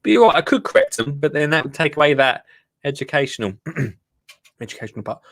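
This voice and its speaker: A man's voice: on the high side, sing-song, fast talker, fairly bright tone. A man hosting a live gardening show, chatting casually and rambling to his viewers. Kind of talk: casual live-stream chat.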